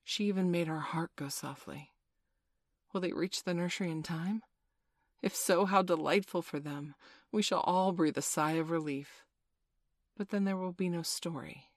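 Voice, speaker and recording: Low-voiced woman reading a storybook. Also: no room sound, clean studio sound. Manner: measured, gently playful storyteller. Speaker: narrator.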